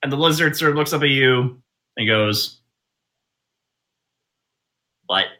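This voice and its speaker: A man's voice: medium pitch, normal speed. A man running a tabletop game as game master, narrating loosely with fillers like "sort of". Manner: relaxed, hesitant narration with fillers.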